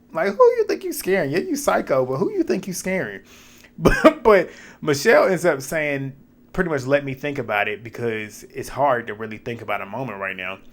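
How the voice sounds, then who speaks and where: A man doing a casual reality TV recap, opinionated and animated, with laughs and mocking high-voiced asides. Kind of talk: casual episode recap with commentary.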